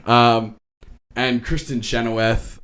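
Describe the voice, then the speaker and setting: A young man co-hosting a podcast, reviewing a movie in casual chat and acting out lines with sudden high jumps. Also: takes it slowly. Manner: animated, acts out quotes with big pitch jumps. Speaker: podcast co-host.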